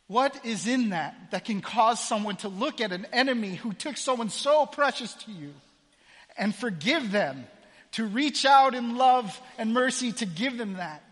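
A man preaching a sermon as pastor, moving between hushed intensity and loud, rising exclamations. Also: very high-pitched, lively intonation, measured pace, long reverb tail.

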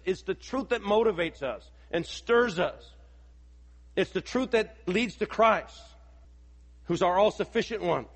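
Husky male preacher in a reverberant hall. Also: high-pitched, a bit bright. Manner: preaching with rhetorical questions and emphatic repetition. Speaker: pastor. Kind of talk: sermon.

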